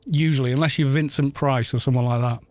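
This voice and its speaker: A man's voice: medium pitch, fairly even intonation, quick pace, a little mellow. A man from Wales chatting casually on a gaming live stream, rambling, laughing often and swearing at the game.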